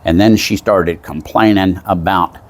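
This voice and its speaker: A man with a relaxed Southern accent tells a story in a casual, folksy monologue, drifting off into asides along the way. His voice sits very low. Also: unhurried. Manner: folksy, meandering, with frequent asides. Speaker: vlogger.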